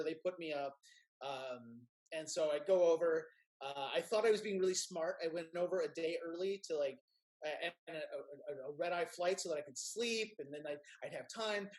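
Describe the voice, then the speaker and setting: A man from Kentucky with a Kentucky accent, a filmmaker guest telling a story in a casual interview, lively and quick to act out what others said. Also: fairly high pitch. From Kentucky, USA. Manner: animated storyteller, acts out quotes in raised voices.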